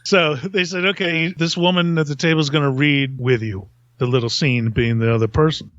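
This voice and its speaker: A man's voice: on the high side, steady tone, fairly quick, a bit bright, no room sound, highs cut off. A man telling a long story in casual podcast chat, rambling and self-mocking, laughing often.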